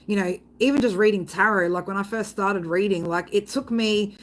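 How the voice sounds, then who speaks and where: A woman's voice: mid-range voice, normal speed, slight background noise. Blunt, rambling woman. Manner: rambling, blunt, swears freely, frequent "right?". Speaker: psychic tarot reader. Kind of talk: casual storytelling to viewers.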